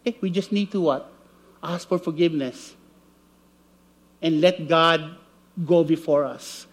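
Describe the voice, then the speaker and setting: A male preacher teaching a church class from slides, animated and jokey, often checking in with the listeners and restarting his phrases. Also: a little high, unhurried.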